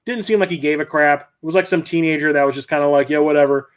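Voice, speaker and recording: A middle-aged man hosts a casual livestream chat, telling stories in a loose, rambling, conversational way and restarting often. His voice is on the high side and fast.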